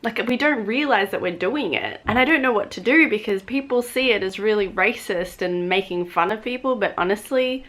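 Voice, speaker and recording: Australian female vlogger, animated and chatty, medium pitch. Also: normal speed, hardly any pauses. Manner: chatty, animated, drifts into impressions. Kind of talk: casual chat to camera.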